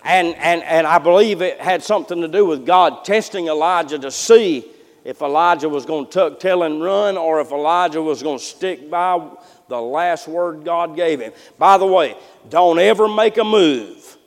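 High-voiced preacher in a reverberant church. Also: male voice, normal speed. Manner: folksy, repetitive restarts, swings from hushed to loud. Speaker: pastor. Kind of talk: sermon. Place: church sanctuary. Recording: long hall reverb.

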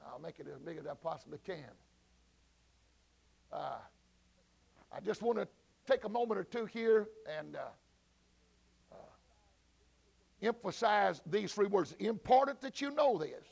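Man, Bible study teacher, slow unhurried delivery, high voice, repeats himself. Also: lively intonation, gravelly, darkish tone, slightly rough. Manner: slow, repetitive teaching with frequent fillers and restarts; addresses people in the back of the room. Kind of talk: church Bible study lesson.

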